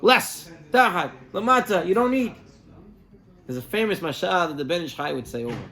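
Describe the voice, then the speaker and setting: A man, a rabbi, giving a sermon with animated storytelling and Hebrew terms woven into his speech. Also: sits high, normal speed.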